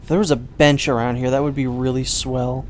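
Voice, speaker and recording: A man's voice: medium pitch, level tone, fairly quick, slight background noise. A man giving rambling, chatty, self-mocking commentary while playing a game. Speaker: gameplay commentator. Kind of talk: casual let's-play commentary.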